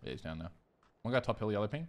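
A man streaming a battle game, giving quick callouts to his squad. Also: lowish voice, lively intonation, heavy background noise. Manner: rapid tactical callouts, laid-back laughs. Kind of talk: gaming callouts. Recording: loud gunfire over the voice.

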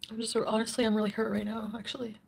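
A woman on a live stream, reading viewer comments aloud. Her voice is gravelly and husky, and she talks in an emotional, unfiltered way with plenty of swearing. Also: a little high, monotone, fast talker.

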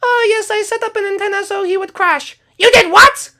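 A squeaky, singsong male friend, voiced by a man in a game role-play, chirpy and pleased with himself. The voice sits very high above the performer's usual register. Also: moderate pace, bright, forceful tone, heavily acted. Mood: cheery. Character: goofy scheming camp friend, male.

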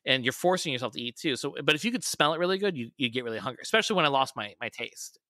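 Male podcast guest with a bright, dry voice who tells stories and acts out the quotes. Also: medium pitch, animated, rapid-fire, dry recording. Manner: storytelling, raises his voice to quote people. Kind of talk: casual podcast conversation.

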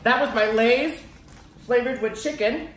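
A woman reviewing snacks in a casual, excitable unboxing vlog, chatting at home. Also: a little high, a little slow, recorded from a distance, a little hiss or hum. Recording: echoey home room.

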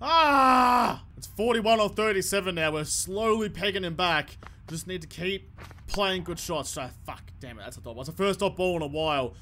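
A man commentating his own gameplay, swearing and ranting excitably at the game. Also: high voice, moderate pace. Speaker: gaming YouTuber.

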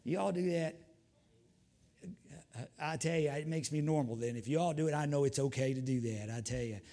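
A man's voice: medium pitch, fast talker, warm tone. An older man, preaching a sermon as pastor, fervent with repeated hallelujahs and folksy asides.

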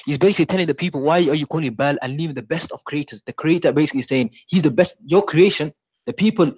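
A man speaks on his phone in a heated debate, interrupting quickly and cutting in with repeated denials. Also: on the high side, a little mellow, husky, no room sound. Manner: rapid, interrupting, keeps saying "no, no, no". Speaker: debate opponent.

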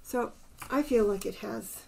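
An older woman hosting a poetry channel, thinking aloud and softly counting syllables under her breath as she picks a poem apart. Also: fairly high pitch, unhurried, creaky, slight background noise. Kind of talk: casual poetry analysis.

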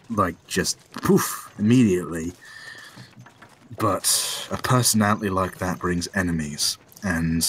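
A man's voice: deep voice, fairly bright tone, a little hiss or hum. A man speaking in character in a tabletop game, musing in a loose, casual way. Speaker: player.

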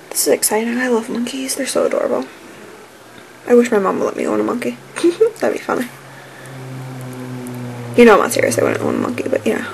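A woman's voice: fairly high pitch, gravelly, a little hiss or hum, rough recording. A young woman chatting casually on her home vlog, bubbly and full of "like" fillers. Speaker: vlogger.

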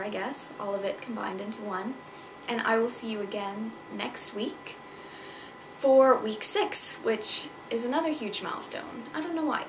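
A young woman talks to a tripod camera at home in a casual vlog, chatty and emotional, with lots of fillers along the way. Her voice sits a little high. Clear room noise sits under her words. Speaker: pregnancy vlogger. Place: at home indoors. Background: clock chiming Christmas carols.

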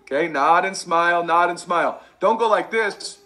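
Man, sales trainer, bright tone, high-pitched, energetic, repetitive. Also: moderate pace. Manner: repetitive, pumped-up, drills catchphrases.

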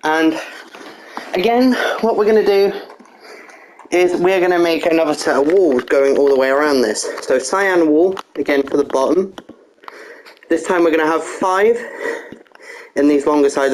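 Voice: medium pitch, a little slow, pauses often, darkish tone, a little hiss or hum, rough recording. A narrator giving a casual walkthrough voice-over of a block build, explaining each step methodically, counting aloud and correcting small slips with an apology.

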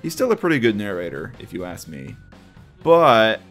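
A man's voice: on the low side, wildly swooping pitch, moderate pace, a bit bright, faint music behind. A man hosting a video essay, giving opinionated, conversational commentary on a children's TV series.

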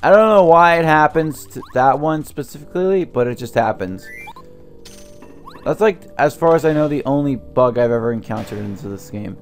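A young man commenting on a video game as he plays, ranting angrily about his family and swearing, his throat sore from yelling. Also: fairly high pitch, animated, normal speed, faint music behind. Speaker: let's play host. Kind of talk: gameplay commentary.

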